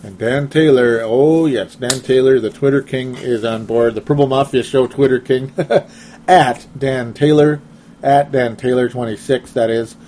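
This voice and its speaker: A man's voice: medium pitch, steady tone, unhurried, a little mellow, a little hiss or hum. A young man hosting a casual sports talk show, rambling and laughing often as he reads listener comments. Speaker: podcast host.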